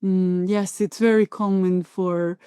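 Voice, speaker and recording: Warm-toned, smooth-voiced woman host. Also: lowish voice, steady tone, slow, no echo, studio quality. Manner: supportive, affirming, backchannels often. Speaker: interview host. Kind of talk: interview conversation.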